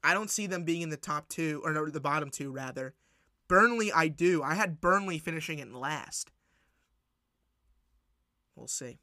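A man hosting a solo sports podcast, recapping matches in an excitable, rambling way with lots of fillers and restarts. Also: on the high side, moderate pace, long pauses, dry recording, studio quality. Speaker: podcast host.

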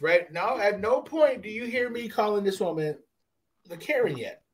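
A man from Canada tells a long, crude story as a podcast host. He speaks fairly high and swings his pitch all over. His delivery is loose and profane, slipping into quick acted bits. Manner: profane, animated, acts out scenes. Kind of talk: casual storytelling.

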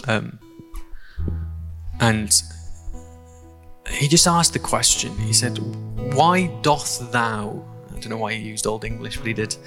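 A man preaching a sermon and leading a prayer, earnest and halting, often repeating words. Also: lowish voice, long reverb tail. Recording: faint guitar music behind.

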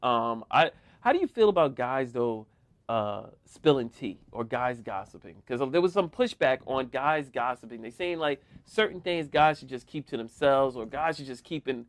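Man, podcast co-host, casual chatter, quick laughs, dry close sound. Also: mid-range voice, animated, no room sound. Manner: talkative, quick laughs, lots of agreeing. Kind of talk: casual chat.

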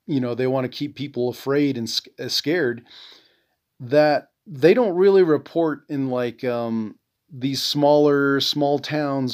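A man's voice: mid-range voice, a little mellow. A man from the Navajo Nation hosting a podcast, talking bluntly and profanely, full of "you know". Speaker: podcast host, veteran. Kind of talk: casual monologue.

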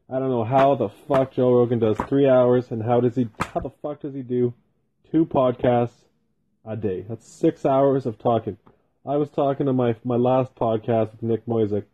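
A man hosting a solo podcast from his basement, rambling casually and swearing constantly. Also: medium pitch. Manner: profane, rambling, heavy swearing. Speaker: podcast host. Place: home basement. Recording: tinny phone-like sound.

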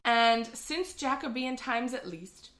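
On a podcast she co-hosts, a woman explains where phrases come from in casual, filler-heavy chat. Her voice sits on the high side, fairly bright, with lively intonation and a slow pace.

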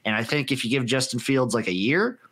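Dude on a sports betting pod, all hyped, cursing, regular middle voice. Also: male voice, mid-range voice, animated, a bit bright. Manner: hyped, profane, quick opinions. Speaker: podcast co-host. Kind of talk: casual sports chat.

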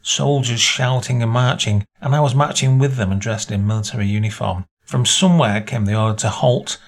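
A man reading a short story aloud as narrator, in a measured storytelling manner. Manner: measured storytelling, voices dialogue with small pitch lifts.

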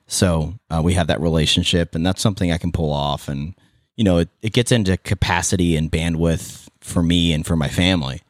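A man with a Californian accent and a low voice, telling stories on a podcast. He rambles, restarts sentences and throws in animated asides. The sound is dry and close to the mic. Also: fairly quick, no echo. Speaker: podcast guest, former radio host and event MC. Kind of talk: casual interview chat.

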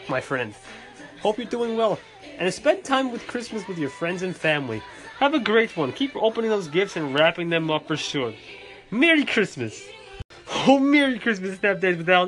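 A man's voice: high voice, a bit bright. Cheerful bouncy holiday podcast host man. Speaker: podcast host in a Santa persona. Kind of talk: holiday shout-out segment.

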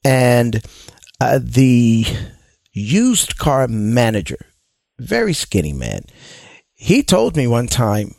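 A man talks through listener questions on a casual advice show. His voice has a gravelly edge and swings widely up and down, and he often mimics people in exaggerated voices. The sound is dry and close, with no room echo. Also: mid-range voice, a little mellow.

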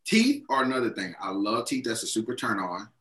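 A man's voice: fairly low pitch, brisk, reverberant, poor audio. A young man co-hosting a podcast, telling stories in casual chat, slangy and swearing freely. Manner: animated storyteller, swears a lot, slangy. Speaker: podcast co-host.

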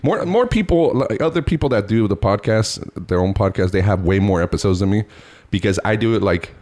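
Very deep-voiced laid-back podcast host. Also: male voice, lively intonation, fairly quick, darkish tone. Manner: laid-back, laughs often, short agreements. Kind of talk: casual podcast chat. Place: small home studio.

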